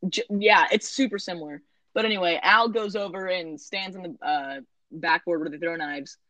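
A woman's voice: fairly low pitch, normal speed, pushed and bright, dry recording, low-quality recording. A woman in casual chat recapping a movie, rambling, correcting herself and tossing in sarcastic asides.

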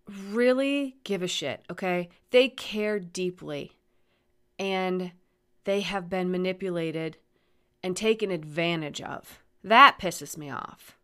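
A woman hosting her own podcast, rambling and swearing, moving from flat musing into heated ranting. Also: mid-range voice, clear, resonant tone. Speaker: podcast host. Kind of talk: solo podcast rant.

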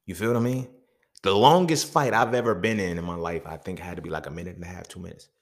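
A man with a deep voice talks fast while hosting a podcast, delivering a casual, profane monologue packed with rhetorical questions.

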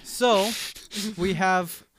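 A man's voice: sits high, extremely slow, noisy background. A young man co-hosting a casual podcast chat, arguing his point in a matter-of-fact way. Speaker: podcast co-host.

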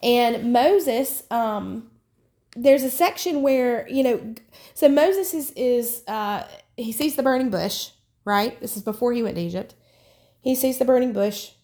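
Earnest woman with a gravelly voice. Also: on the high side, a little slow, dark tone. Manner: earnest, rambling with many restarts. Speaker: podcast host. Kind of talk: devotional podcast teaching.

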